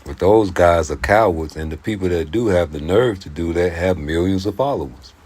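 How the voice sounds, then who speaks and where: Deep and a little breathy, this man's voice moves at a moderate pace as he hosts his own YouTube commentary channel. His talk is a casual rant, profane and streetwise, full of animated storytelling.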